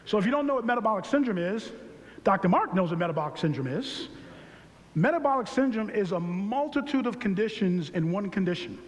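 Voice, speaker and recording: A man over forty sharing his own health struggles in an animated, emphatic testimony, with bursts of humor and shouted words. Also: high voice, fairly quick, big-room sound. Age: 40s or older.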